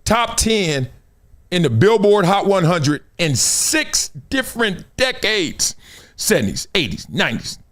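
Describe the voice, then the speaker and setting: A middle-aged man hosting a live sports and culture stream, talking in loose slang with loud bursts and low asides. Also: a little slow. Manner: animated, slangy, jumps between loud bursts and low mutters. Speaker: show host.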